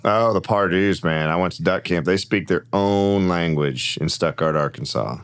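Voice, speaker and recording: A middle-aged man with a fairly low voice chats casually, spinning laid-back stories. He swears freely and bursts out loudly when he acts out what others said. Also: normal speed, smooth. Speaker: podcast guest, rock and country musician. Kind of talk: casual chat.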